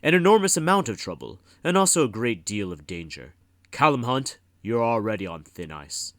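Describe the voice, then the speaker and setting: A stern older wizard master scolding his pupils, as an audiobook reader puts him on. His lively, commanding delivery rises and falls with reproach. The dry, close recording has no room sound. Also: mid-range voice, moderate pace, dry recording, voice pushed up. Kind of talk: audiobook reading.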